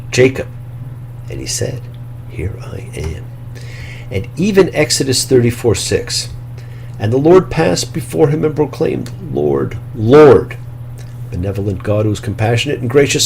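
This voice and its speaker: Male rabbi, gravelly and animated, sermon delivery with dramatic whispered drops. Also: medium pitch, a little hiss or hum. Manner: slow, dramatic delivery with hushed whispered phrases. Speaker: rabbi and show host. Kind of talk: sermon-style Torah teaching.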